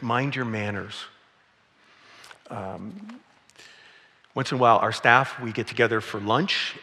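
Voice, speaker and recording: Man, middle-aged, pastor, sermon, conversational storytelling, bright forceful voice, long hall reverb. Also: lowish voice. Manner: conversational, storytelling, with playful acted quotes. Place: church sanctuary.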